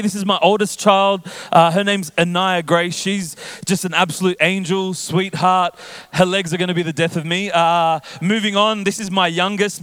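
A man in his thirties opens a sermon with a joking, playful manner, teasing the crowd. His voice sits a bit high and comes through smooth and clear on a stage mic. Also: fairly bright tone, no echo. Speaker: guest pastor. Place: large church auditorium.

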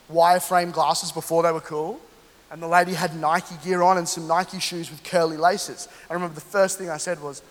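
A high-voiced man in his thirties, from London, preaches as a pastor and tells a lively, funny story to his congregation. His voice rings through a church hall with a long echo. He often turns to the room and speaks right to them. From London, England. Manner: animated, humorous, addresses the congregation directly. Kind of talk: storytelling sermon.

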